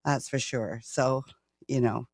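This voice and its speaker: A woman's voice: very deep voice, steady tone, takes it slowly, dry recording. Canadian woman in her 60s, retired guest, giggly and restarting, dry close sound. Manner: laughs often, repeats words as she starts sentences. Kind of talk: casual interview chat.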